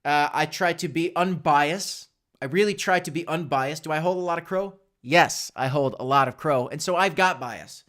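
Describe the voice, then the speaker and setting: A man's voice: fairly high pitch, moderate pace, fairly bright tone. A man hosting a live crypto stream, talking opinionated and direct to his viewers with frequent restarts. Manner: opinionated, talks straight to viewers; frequent restarts and self-corrections. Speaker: crypto livestream host. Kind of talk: casual live-stream commentary.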